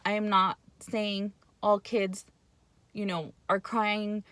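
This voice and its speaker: A woman's voice: medium pitch, flat delivery, takes it slowly, fairly bright tone, no echo. A woman giving a casual, explanatory talk on parenting, speaking bluntly and often checking in with "right?". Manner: conversational, checks in with frequent "right?".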